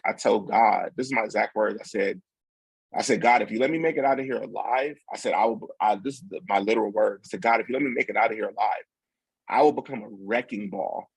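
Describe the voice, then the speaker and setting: A man in his forties tells his story in a gravelly, husky low voice, close and dry. He acts out the nurses, the doctor and his friend with easygoing street slang. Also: dry recording. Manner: animated, acts out quotes with slang. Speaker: podcast guest. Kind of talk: casual storytelling.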